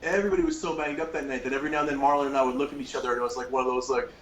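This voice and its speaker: A man hosting a podcast, telling a long story in a casual, profane, animated way. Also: mid-range voice, rapid-fire, echoey room, low-quality recording. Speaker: podcast host.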